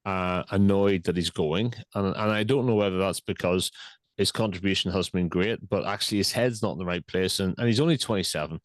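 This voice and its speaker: A man's voice: deep voice, a little fast, no echo. A man co-hosting a casual football podcast, talking in a hesitant way with frequent restarts and repeated words. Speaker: podcast co-host.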